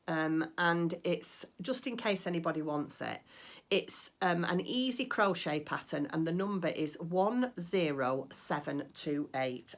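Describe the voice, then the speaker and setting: Chatty low-voiced woman vlogger. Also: unhurried. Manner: chatty, rambling, gushing with delight. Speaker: crafting vlogger. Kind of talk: casual chat.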